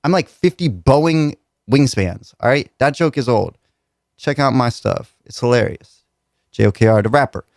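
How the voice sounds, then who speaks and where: A man's voice: medium pitch, expressive, moderate pace, gravelly, a little mellow, dry recording, studio quality. Joking young man ranting dryly. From United States. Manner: joking, mocking, repeats himself. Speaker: radio host and rapper. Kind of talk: comedic rant commentary. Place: radio studio.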